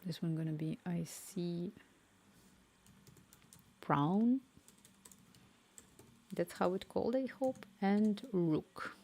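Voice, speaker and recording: Slow, low-toned woman streaming from home. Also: lively intonation, warm tone. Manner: thinks aloud, murmurs and whispers to herself while working. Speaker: live-streaming developer. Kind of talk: casual livestream chat while coding.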